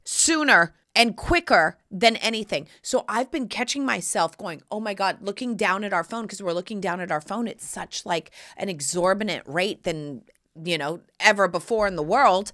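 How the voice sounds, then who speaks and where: A woman podcast host from Texas, telling stories in a sassy, animated casual chat. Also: medium pitch. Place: studio or home set, shooting video.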